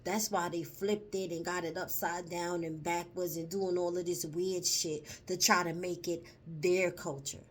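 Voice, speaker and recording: A woman's voice: fairly low pitch, steady tone. A woman chatting casually to her vlog audience, emphatic and profane, getting choked up as she talks. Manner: slow, emphatic and profane, lingers on words; emotional, choked up while telling a story. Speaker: vlogger. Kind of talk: casual spoken vlog chat.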